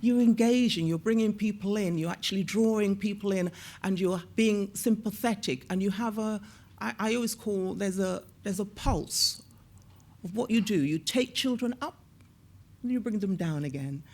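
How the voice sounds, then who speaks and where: A woman in her sixties, an actor and former TV presenter, telling lively stories in an onstage interview and acting out the voices she quotes. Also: mid-range voice, normal speed. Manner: lively storyteller who acts out quoted voices. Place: on a stage at a screening event.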